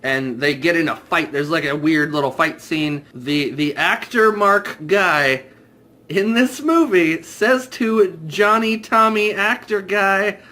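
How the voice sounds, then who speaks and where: Young man, bright higher voice, casual animated movie reviewer. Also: takes it slowly. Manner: animated, mock voices for characters.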